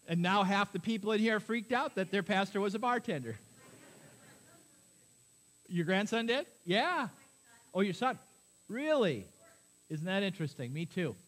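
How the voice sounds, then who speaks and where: A man preaching a sermon as pastor to his congregation, lively and quizzing the listeners with questions. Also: on the high side. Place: church.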